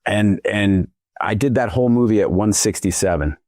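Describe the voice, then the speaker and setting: A lower-voiced man speaks on a podcast, recorded close and dry. He stumbles and restarts as he talks, self-deprecating and casual. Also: normal speed, a little mellow, no echo. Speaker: guest actor.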